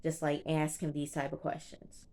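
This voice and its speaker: Young woman, low-pitched, casual reality TV recapper, chatty and animated. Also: normal speed. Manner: chatty, animated retelling with quoted reactions. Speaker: TV show reviewer.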